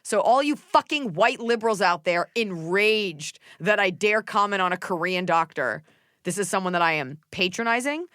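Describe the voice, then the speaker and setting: Recorded in a clean studio with no echo, a woman hosts a podcast at a moderate pace and medium pitch. The talk is casual and comedic, with her animatedly telling funny stories and imitating the people in them.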